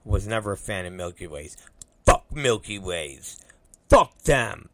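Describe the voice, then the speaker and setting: A low-pitched, slightly bright male voice at a moderate pace tells a rambling, casual anecdote with no echo. The middle-aged speaker swears freely and voices what others said.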